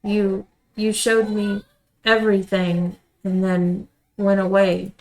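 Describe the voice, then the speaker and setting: A woman's voice: medium pitch, little pitch movement, slow. A woman reading as a clingy, eerily devoted young woman. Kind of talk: reading a visual novel aloud.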